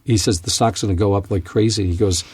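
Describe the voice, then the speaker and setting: A man teaching from scripture on a podcast, telling a personal story in an earnest, animated way. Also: on the low side, fast, breathy edge, no room sound. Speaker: Bible teacher and podcast host.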